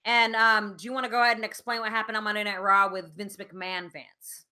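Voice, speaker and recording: A woman co-hosting a podcast in casual chat, animated, with lots of fillers and swearing. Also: mid-range voice, a little fast. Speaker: podcast co-host.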